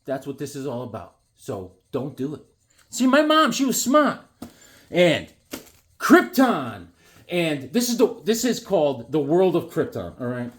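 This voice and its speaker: Rambling, animated Northeastern man. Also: fairly high pitch, unhurried. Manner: rambling storyteller acting out the people he quotes. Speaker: comic collector vlogger. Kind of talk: casual chat showing comics.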